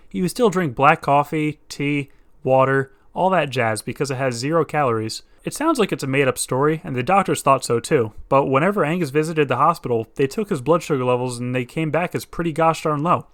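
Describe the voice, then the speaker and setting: A man giving scripted comedic narration with sarcastic, crude asides. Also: fairly high pitch.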